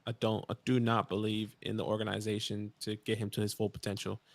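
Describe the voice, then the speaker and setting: A man's voice: on the low side, monotone, fast talker, gravelly, no room sound. A man from New York with a New York accent, co-hosting a live stream, joking around and reading chat comments aloud. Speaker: co-host.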